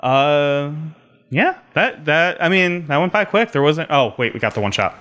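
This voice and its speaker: Halting, lively male podcast co-host. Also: on the high side, clean tone. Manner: halting, searching for words. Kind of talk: casual chat.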